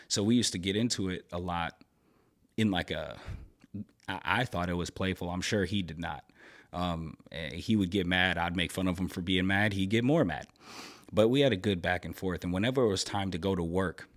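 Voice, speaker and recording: A man in his thirties, a podcast host and army veteran, telling a story in a relaxed, rambling way with many fillers and restarts. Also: low-pitched. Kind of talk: casual storytelling.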